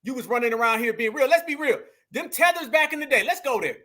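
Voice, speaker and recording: Fired-up high-voiced male commentator. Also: animated, fast, pushed and bright. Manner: emphatic, preachy, repeats lines for punch. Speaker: commentary show host.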